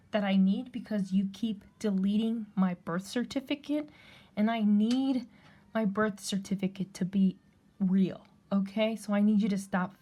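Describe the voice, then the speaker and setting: A woman's voice: mid-range voice, a little mellow. A woman telling a personal story in a blunt, heated, profane rant, speaking straight to the camera. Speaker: vlogger.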